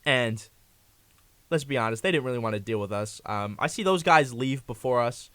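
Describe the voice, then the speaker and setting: A man's voice: medium pitch, expressive, normal speed, fairly bright tone, clear, resonant tone, no room sound. Rambling young man telling a story. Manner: rambling anecdote full of fillers and restarts. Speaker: guest. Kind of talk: casual storytelling on a talk show.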